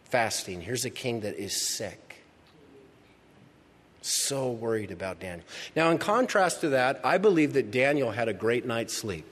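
A man preaching a sermon, reading scripture and swinging from loud, emphatic lines to hushed ones. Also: mid-range voice, sing-song, measured pace, in a large hall. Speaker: pastor.

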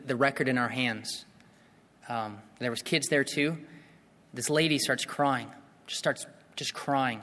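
Earnest preacher in a reverberant hall. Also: male voice, mid-range voice, fairly bright tone. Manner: earnest, builds to impassioned appeals; repeats and restarts phrases. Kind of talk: evangelistic sermon.

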